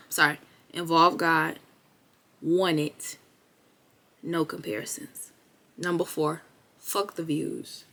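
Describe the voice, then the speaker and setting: A young woman speaks straight to camera in a blunt, profane motivational talk. Her voice sits in a middle register, and her delivery is emphatic and animated, now and then climbing into loud, excited bursts. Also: mid-range voice. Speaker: vlogger.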